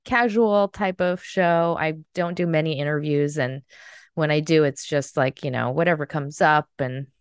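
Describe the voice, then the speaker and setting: A woman's voice: sits low, normal speed, clean tone, no room sound, clean studio sound. A woman hosting a casual interview podcast, effusive and giggly, with many fillers. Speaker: podcast host.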